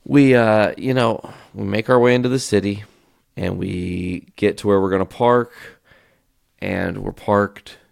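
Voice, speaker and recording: A man hosting a solo podcast, telling a long story in a profane, ranting, animated way. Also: fairly low pitch, measured pace, creaky, dry recording, studio quality. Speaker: podcast host.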